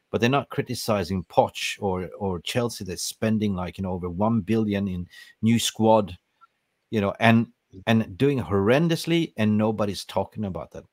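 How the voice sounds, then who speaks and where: A man's voice: on the low side, no room sound. Podcast host, male, heated and emphatic, dry close sound. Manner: animated, emphatic ranting. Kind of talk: casual football podcast chat.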